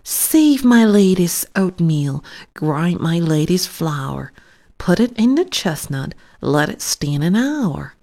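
A woman's voice: lowish voice, very animated, takes it slowly, dark tone, full character voice. A woman voicing a chorus of tiny merry mice who chant rhymes in little twittering voices for a storybook.

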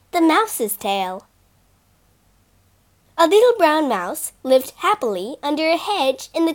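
A woman reading children's fables aloud as a storyteller, expressive and animated. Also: sits high.

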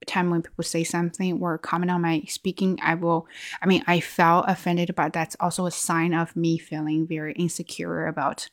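A woman's voice: lowish voice, no room sound, studio quality. Reflective woman with a Chinese accent. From China. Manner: reflective, with frequent restarts and fillers. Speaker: video host. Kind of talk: casual vlog monologue.

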